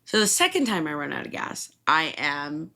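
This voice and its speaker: A woman in her twenties, a podcast host from Illinois, telling a story in a casual, animated way, laughing and swearing freely. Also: sits low, moderate pace.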